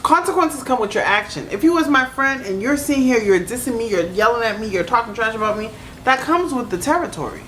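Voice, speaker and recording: Animated, exasperated woman reacting. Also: on the high side, fast, slight background noise, poor audio. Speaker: reaction channel host. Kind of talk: casual reaction commentary.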